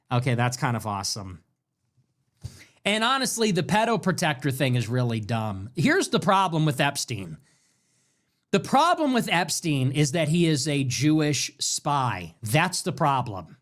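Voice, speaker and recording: Animated man hosting a ranting talk show. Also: on the high side. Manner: animated, swings between loud bursts and muttered asides. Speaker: show host.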